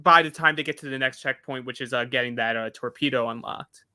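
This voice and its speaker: A man's voice: mid-range voice, brisk, sharp tone. A man co-hosting a casual recap podcast, joking and laughing easily. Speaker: podcast co-host.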